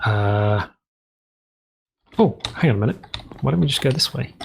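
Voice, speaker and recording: A man's voice: medium pitch, normal speed, gravelly, long pauses, noisy background. A man with a rambling, jokey, self-correcting manner, giving casual commentary as he plays a game. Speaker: let's play host.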